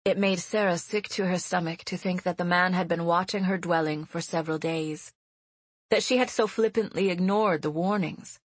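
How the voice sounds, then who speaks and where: A woman reading an audiobook novel in steady scripted narration. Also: lowish voice, moderate pace, no room sound.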